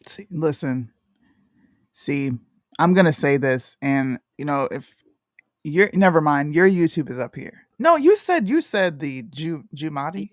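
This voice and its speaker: A woman's voice: deep voice, very animated, unhurried, no echo. Joking co-host woman, dry close sound. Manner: joking, laughs often, plain announcements to viewers. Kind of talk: casual livestream chat.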